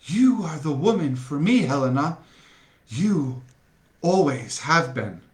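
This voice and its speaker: A smitten young man read by a man murmurs his devotion in a soft, slow, earnest voice. The lines come at a very unhurried pace. An echoey room lingers around the reading. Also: a little high, animated.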